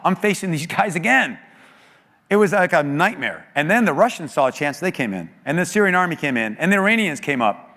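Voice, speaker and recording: A middle-aged American man speaking at a church, telling an emotional story with earnest, animated delivery and quoted voices. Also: mid-range voice. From United States. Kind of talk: storytelling talk. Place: large church auditorium. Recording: long hall reverb.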